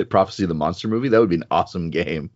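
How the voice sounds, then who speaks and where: Man, very low voice, casual chat, dry lo-fi sound. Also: fast, no room sound. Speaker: podcast co-host reviewing a game book. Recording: dry, slightly muffled audio.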